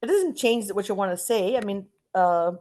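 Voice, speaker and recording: A middle-aged woman from Canada teaching an online English class, chatty and stretching out words and pauses to model intonation. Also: mid-range voice, animated, mellow, low-quality recording.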